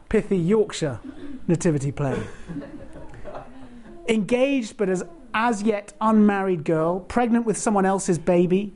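A preacher gives a relaxed, conversational sermon in a warm, mellow voice of middling pitch. The pace is unhurried, and now and then the preacher puts questions directly to the listeners.

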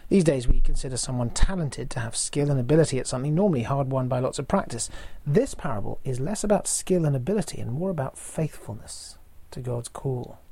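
A man, preaching a sermon in a measured way and posing rhetorical questions to the listeners. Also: medium pitch, vocal fry, warm tone, breathy edge. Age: 40s.

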